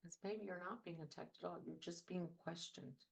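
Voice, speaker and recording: Host type: earnest female coach, lowish register, conversational, repeats key phrases. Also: fairly even intonation, moderate pace, gravelly, breathy edge. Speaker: talk show host and trauma coach. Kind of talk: casual advice talk.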